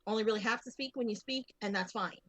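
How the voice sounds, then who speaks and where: A woman's voice: on the high side, fast, fairly bright tone, no echo, low-quality recording. A woman co-hosting a casual podcast, rambling through confident opinions with many restarts. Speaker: podcast co-host. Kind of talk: casual chat.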